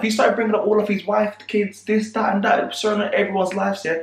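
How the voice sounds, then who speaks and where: A young man telling a storytime vlog in an animated, laughing, slangy way. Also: sits high, brisk, vocal fry, few pauses, slight background noise. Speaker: vlogger. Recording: roomy echo.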